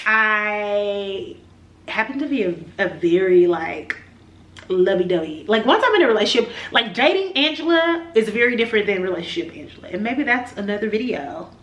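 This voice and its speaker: A woman's voice: mid-range voice, a bit bright. Playful woman in her forties chatting. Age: 40s. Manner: playful and emphatic, teasing asides. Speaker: vlogger. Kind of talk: casual chat to camera.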